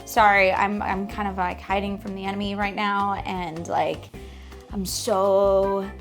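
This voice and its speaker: A woman's voice: mid-range voice, flat delivery, measured pace, faint music behind, pitched below the performer's own voice, close to an everyday voice. A woman voicing a sheepish young male soldier who rambles and hesitates in her casual retelling.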